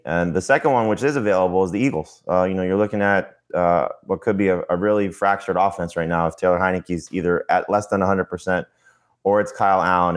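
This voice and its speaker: Co-host, male, very low voice, quick rambling delivery full of fillers. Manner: quick, rambling, heavy with "you know" and restarts. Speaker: podcast co-host, fantasy analyst. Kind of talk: casual podcast talk.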